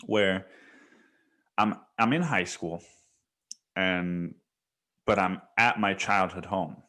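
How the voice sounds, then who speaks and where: A man's voice: low-pitched, sharp tone. A young man hosting a solo podcast, telling a story in a rambling, profane way with many restarts. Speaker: podcast host.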